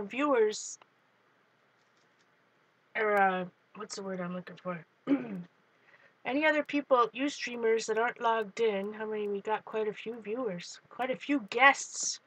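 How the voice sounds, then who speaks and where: A woman runs a live art journaling stream, chatting casually and greeting viewers by name as she works. Her voice is on the high side and a little slow, and the recording sounds rough.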